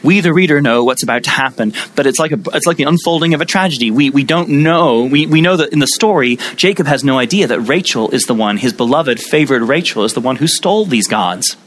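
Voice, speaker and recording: A man's voice: mid-range voice, expressive, fairly quick, hardly any pauses, a bit bright, low-quality recording. A male preacher teaching a Bible passage as a sermon, telling the story conversationally with humorous asides.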